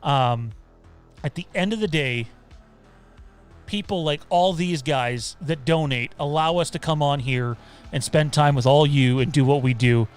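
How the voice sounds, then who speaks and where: A man's voice: a little high, measured pace, clear, resonant tone, faint music behind. A man hosting a casual livestream from home, talking loosely with frequent fillers and some swearing. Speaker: podcast host. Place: home room.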